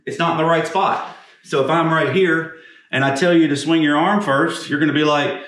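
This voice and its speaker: A golf instructor demonstrates swing technique on camera, speaking casually and bluntly, cursing occasionally, and getting winded as he moves. His voice is slightly high and fairly bright, at a normal pace. The recording is echoey and captured from a distance.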